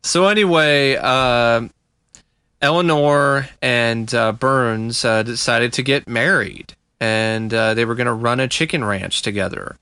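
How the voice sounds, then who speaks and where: A man's voice: medium pitch, unhurried, bright, forceful tone, clean tone, no echo. A man co-hosting a casual true-crime podcast, recounting a case in a laid-back way with fillers and chuckles. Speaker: podcast co-host.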